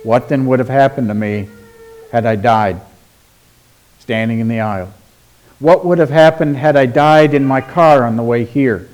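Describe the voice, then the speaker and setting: A man preaching a sermon in a deliberate, emphatic way, asking rhetorical questions and dropping to a quiet voice for stress. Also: mid-range voice. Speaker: pastor.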